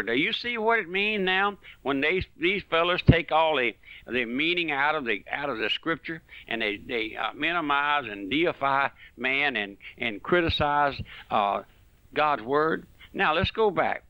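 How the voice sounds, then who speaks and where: A man's voice: fairly high pitch, animated, unhurried, no room sound, lo-fi sound. A man preaching a folksy, fervent radio sermon that rises and falls.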